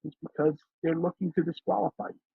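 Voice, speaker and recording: A middle-aged financial consultant from Philadelphia, telling stories emphatically in a casual interview. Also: male voice, a little high, fairly even intonation, fast talker, gravelly. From Philadelphia, USA. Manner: emphatic, storytelling, acts out quoted dialogue. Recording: dry, tinny phone-like line.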